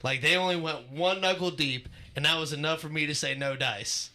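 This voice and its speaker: A man with a very bright voice trades crude, blunt jokes on a casual podcast. He swears freely and talks in a loose, rambling way. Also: on the high side, brisk. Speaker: podcast co-host. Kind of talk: casual comedic chat.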